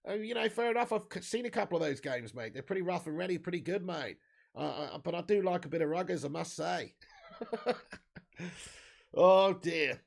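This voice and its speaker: A young man hosts a live football watch-along, calling the action while reading and answering his viewers' messages. His voice sits high and carries a gravelly, creaky edge. He swears casually and jumps into loud, excited calls on near misses and saves. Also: a little fast. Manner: banter with chat, swearing, excited bursts on chances.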